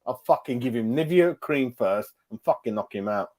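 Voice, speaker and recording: A man's voice: medium pitch, animated, moderate pace, a little mellow. A man hosting a sweary post-match reaction chat, brash and matey, calling everyone "mate" and "bro".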